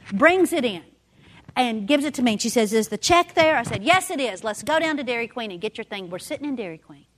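A woman's voice: on the high side, slight background noise. A woman, a women's ministry speaker, giving a sermon in a meeting room and telling stories while acting out the dialogue. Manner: animated storyteller, acts out dialogue. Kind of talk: sermon with personal storytelling. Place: indoor meeting room with audience.

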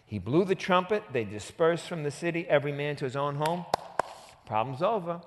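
A man with a New York accent teaching a Bible passage, lively and acting out the quotes in casual slang. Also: fairly high pitch, a little fast, in a large hall, noisy background.

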